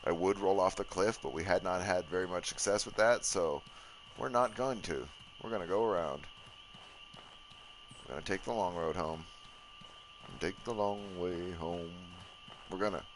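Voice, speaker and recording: A man's voice: low voice, normal speed, long pauses, noisy background. A man giving casual gaming commentary, joking, swearing and mocking himself as he plays. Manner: profane, joking and self-mocking. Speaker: let's play gamer.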